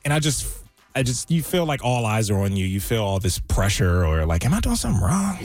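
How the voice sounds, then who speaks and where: A man hosting a radio show, chatting and telling stories in a relaxed way. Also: on the low side, normal speed, no echo, soft background music. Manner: chatty, storytelling. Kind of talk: morning radio chat.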